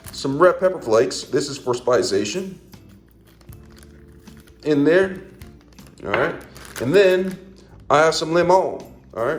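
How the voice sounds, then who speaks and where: Folksy man demonstrating a home recipe. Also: fairly high pitch. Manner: folksy, repeats catchphrases, drops voice on asides. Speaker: home cook. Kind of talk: casual cooking demonstration.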